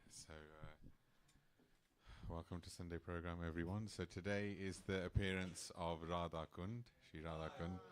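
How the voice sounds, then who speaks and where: Low-voiced man telling a temple story. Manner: casual, chatty storytelling with restarts. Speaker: temple speaker. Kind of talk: sermon storytelling. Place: temple hall.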